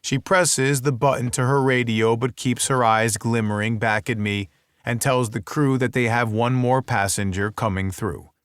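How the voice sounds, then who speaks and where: A man's voice: medium pitch, steady tone, normal speed, clear, resonant tone, no echo, studio quality. A man narrating a romance audiobook in the first person, with a wry, intimate inner-monologue delivery.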